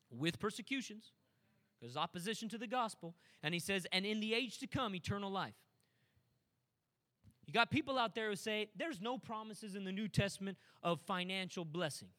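Animated, bright-voiced male preacher. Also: high voice, normal speed. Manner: animated preaching, swings from quiet asides to loud shouts. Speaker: pastor. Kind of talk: sermon.

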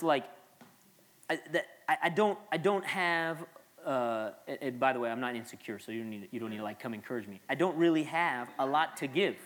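A man's voice: mid-range voice, a bit bright. Earnest man preaching a conversational sermon. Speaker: pastor.

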